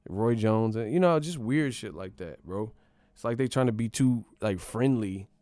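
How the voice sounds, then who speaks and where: A man's voice: on the low side, lively intonation, moderate pace, dark tone, dry recording. A man hosting a boxing channel, ranting casually with profane, mocking, slang-heavy talk. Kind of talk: casual rant to camera.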